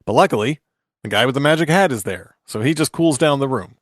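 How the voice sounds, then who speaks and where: A man's voice: medium pitch, expressive, brisk, no echo, studio quality. Laughing man telling a fairy tale. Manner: jokey, laughs often, restarts a lot. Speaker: podcast co-host retelling a fairy tale. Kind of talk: casual chat and comic story retelling.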